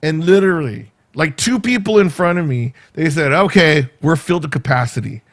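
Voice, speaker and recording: A man vlogging casually, retelling a day out in a rambling, animated way with quoted asides. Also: a little high, moderate pace. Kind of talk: casual storytelling vlog.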